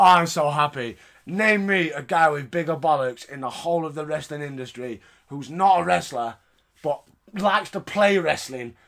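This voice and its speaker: A man hosting a casual podcast, recapping wrestling in an animated, sweary way with frequent laughter. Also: a little high. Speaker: podcast host.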